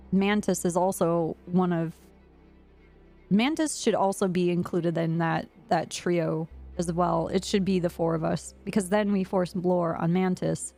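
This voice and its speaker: A woman's voice: on the low side, a little mellow. A woman streamer chatting casually while gaming, telling a rambling story and laughing often. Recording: faint music behind.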